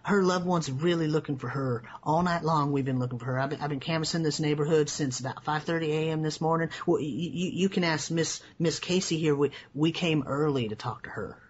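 A man's voice: fairly high pitch, brisk, few pauses, highs cut off, a little hiss or hum, lightly acted. A man voicing a folksy, rambling small-town police officer who stammers and misses the point. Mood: earnest.

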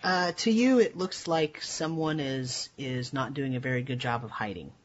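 A man's voice: mid-range voice, moderate pace. A man narrating as dungeon master of a tabletop game, talking loosely with many fillers. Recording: dull lo-fi audio with faint background hiss.

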